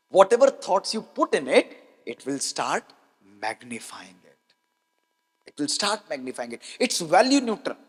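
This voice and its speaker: A man gives a motivational health talk to an audience, emphatic and repeating key lines, with rhetorical questions. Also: a little high. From India. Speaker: doctor giving a health talk. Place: large hall with an audience. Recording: long hall reverb.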